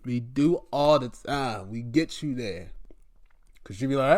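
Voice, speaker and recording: A man from Baltimore giving a casual, animated recap of a wrestling show and acting out quotes. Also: medium pitch, unhurried.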